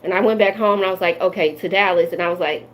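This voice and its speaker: A woman's voice: fairly low pitch, fast, slight background noise, poor audio. A woman in her forties from the Midwestern United States, a tarot reader chatting loosely and directly to viewers on a live stream. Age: 40s. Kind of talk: casual live-stream chat.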